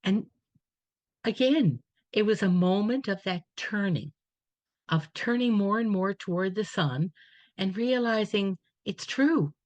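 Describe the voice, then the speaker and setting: A woman's voice: medium pitch, animated, unhurried, darkish tone, no room sound. A woman speaker on a webinar, telling a personal faith story in a reflective, storytelling way. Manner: reflective storytelling, quoting others in dialogue. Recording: dull dry webinar audio.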